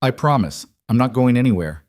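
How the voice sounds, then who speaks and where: A man voicing a gentle, caring woman on a ranch in a soft, reassuring way. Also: medium pitch, expressive, a little fast, no room sound, clean studio sound, pitched above the performer's own voice, lightly acted.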